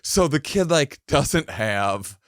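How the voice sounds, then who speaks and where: A man in his thirties tells a rambling comic anecdote on a podcast, taking his time and circling back over his words. His voice is smooth and clear, and the sound is dry and close, with no room echo. He laughs his way into the punchlines. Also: a little high, big pitch swings, takes it slowly. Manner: rambling storyteller with many restarts, laughs into punchlines. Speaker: podcast co-host. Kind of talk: comedic storytelling.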